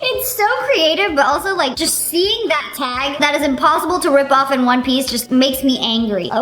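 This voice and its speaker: A young woman hosting a casual reaction video, chatty and animated, tossing in "like" and "bro" as she goes. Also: sits high. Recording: echoey room with faint music.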